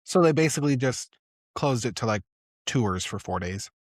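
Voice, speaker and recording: A man's voice: mid-range voice, animated, moderate pace, dry recording, studio quality. A man co-hosting a film podcast in casual chat, chatty and teasing. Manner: chatty, teasing, full of "like" fillers. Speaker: podcast co-host.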